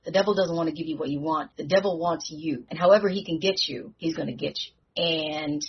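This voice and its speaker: A woman co-hosting a podcast who recaps a TV show in casual chat, telling the story in an animated way with slang. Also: low voice, brisk, a little hiss or hum. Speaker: podcast co-host. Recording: dull lo-fi recording.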